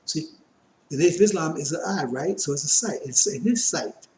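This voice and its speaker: A man's voice: a little high, lively intonation, brisk, darkish tone, roomy sound, a little hiss or hum. A man teaching scripture in a loose, conversational way, reading verses aloud and then explaining them with many asides, his voice strained and catching on coughs. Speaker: religious teacher.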